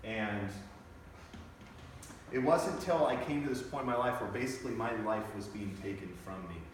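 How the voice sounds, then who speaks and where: An earnest young man tells his personal testimony, swinging between quiet reflection and intense, emphatic bursts. His voice sits at a middle pitch and is heard from a distance. A heavily reverberant space surrounds it. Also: normal speed, slight background noise. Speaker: speaker giving a testimony. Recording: very echoey, distant from the mic.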